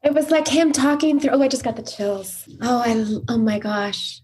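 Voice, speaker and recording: A woman's voice: high voice, normal speed, darkish tone, slightly rough. A woman hosting a podcast, reacting with effusive emotion and sharing her own stories. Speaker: podcast host. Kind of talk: conversational interview.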